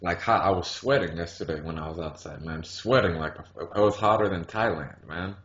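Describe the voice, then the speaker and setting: A man with a very low voice spins a crude, profanity-laden story, laughing along as he goes. The recording is dull and lo-fi. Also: a little fast, fairly bright tone, echoey room. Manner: crude, swears constantly, laughs while telling stories. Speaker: podcast co-host. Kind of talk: casual storytelling chat. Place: hot-climate country, not the US. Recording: dull lo-fi audio.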